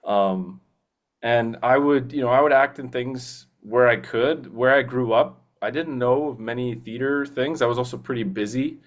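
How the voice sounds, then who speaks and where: A man's voice: medium pitch, normal speed. A young man, a voice actor talking earnestly in a casual interview, rambling with many restarts. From Canada. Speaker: guest voice actor.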